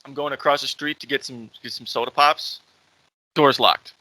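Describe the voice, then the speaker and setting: A man's voice: mid-range voice, fairly even intonation, normal speed, sharp tone, no room sound, rough recording. A man chatting on a podcast, blunt and offhand, repeating his points. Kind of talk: casual chat.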